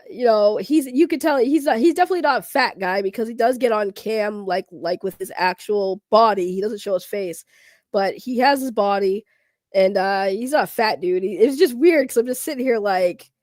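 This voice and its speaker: A woman hosting a casual podcast, ranting and teasing in an animated way. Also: mid-range voice, moderate pace, no room sound, clean studio sound. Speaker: podcast host. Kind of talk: casual rant chat.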